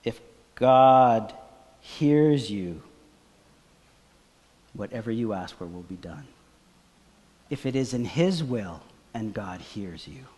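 A man preaching a sermon as pastor, acting out the story and swinging from hushed lines to loud, excited ones. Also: lowish voice, slow, long pauses, big-room sound. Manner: dramatic, swings from hushed to shouting. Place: church.

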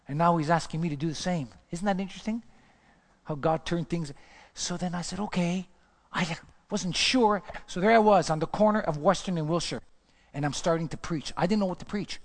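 A male pastor delivers a testimony sermon with a fairly high voice. He tells the story with animation, pushing his voice up sharply when he acts out his own words. The sound carries a long reverb, as if from a large church hall. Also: lively intonation, normal speed, pauses often.

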